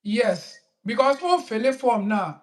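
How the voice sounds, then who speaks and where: Man, high-pitched, lawyer explaining legal rules, measured pace. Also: expressive. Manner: explains slowly, mixing English legal terms into Twi. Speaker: lawyer answering questions. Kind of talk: explanatory talk in a live online session.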